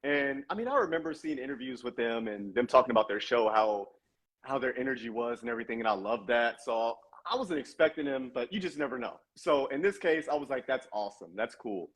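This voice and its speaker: A man's voice: mid-range voice, brisk, fairly bright tone. A man guest on a casual interview podcast, a voice actor telling chatty anecdotes with plenty of uh and man.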